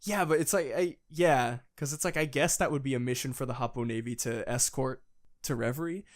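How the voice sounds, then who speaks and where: Excitable man in casual chat. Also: mid-range voice, a little fast. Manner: excited, profane, quotes characters in voices. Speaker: podcast co-host.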